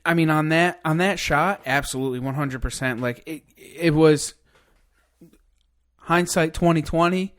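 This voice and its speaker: A man telling a long hunting story in casual podcast chat, excited and cursing freely. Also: on the high side, measured pace. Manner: excited, swears a lot, rambling hunting story. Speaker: podcast guest.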